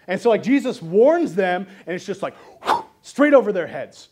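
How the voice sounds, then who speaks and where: Higher-voiced man preaching with humor. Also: moderate pace. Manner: animated, joking preaching style. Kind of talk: sermon.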